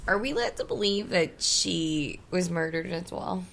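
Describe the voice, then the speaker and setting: A woman's voice: lowish voice, animated, unhurried, gravelly, fairly bright tone, a little hiss or hum. A woman co-hosting a casual comedy movie podcast, wry and teasing. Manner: wry, teasing, laughs easily. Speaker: podcast co-host.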